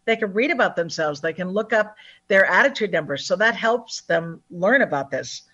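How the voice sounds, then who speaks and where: A woman talking as a numerologist guest in an interview, upbeat and chatty, acting out other people's lines in lively voices. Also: lowish voice, normal speed, dull audio. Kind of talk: phone-in interview, animated and chatty.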